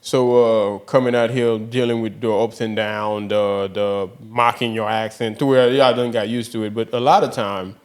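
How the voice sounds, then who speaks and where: A man with a Haitian accent, co-hosting a podcast and telling animated stories in casual chat, often laughing. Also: moderate pace, hardly any pauses. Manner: animated storytelling, laughs a lot, mimics voices in high pitch. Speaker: podcast co-host.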